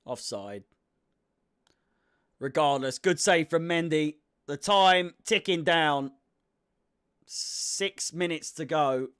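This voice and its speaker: A man's voice: a little high, expressive, takes it slowly, long pauses, fairly bright tone, smooth. A young man giving casual live commentary on a football match as a fan, swearing freely and sounding exasperated.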